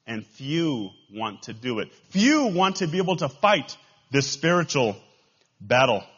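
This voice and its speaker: A man with a Texan accent preaching a sermon as pastor, swinging between loud rises and quiet drops. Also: mid-range voice, very animated, unhurried, slightly rough, lo-fi sound. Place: church.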